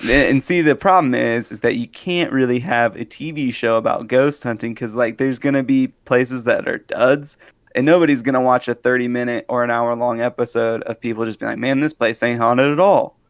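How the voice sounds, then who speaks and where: Man, podcast co-host, casual banter, jokey, mid-pitched voice. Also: steady tone, fairly quick. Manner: jokey, laughs often, mimics people in quotes. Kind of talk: casual chat.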